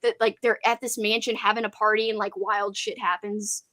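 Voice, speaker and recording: A young woman with a mid-range voice hosts a casual livestream about books, speaking a little fast in a flat, pushed, bright tone. She's chatty and loose, packs in lots of "like" fillers, and reads viewer comments aloud as a booktube host.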